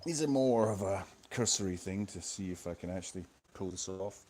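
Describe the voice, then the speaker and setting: A Scottish man vlogs through a rambling live-stream monologue, sweary and self-mocking, holding his phone close to his mouth. His voice sits low and a little mellow, moving a little fast, with slight background noise.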